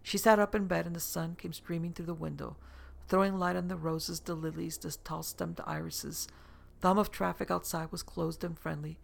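Audiobook narrator, steady delivery, strong rasp and fry. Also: medium pitch, normal speed. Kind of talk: scripted narration of a novel.

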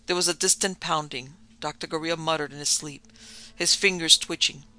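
A man narrating an audiobook in a measured, dramatic way. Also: on the high side, steady tone, bright, forceful tone, smooth, poor audio. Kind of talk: audiobook reading. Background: faint music.

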